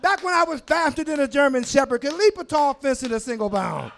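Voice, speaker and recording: A man in his forties tells crude stories on a comedy club stage, his voice very high and swinging widely in pitch. He talks loudly into a handheld mic and shouts his punchlines. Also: brisk, gravelly, a little hiss or hum. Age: 40s. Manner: loud, crude, animated storytelling with shouted asides. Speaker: stand-up comedian. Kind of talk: stand-up comedy set.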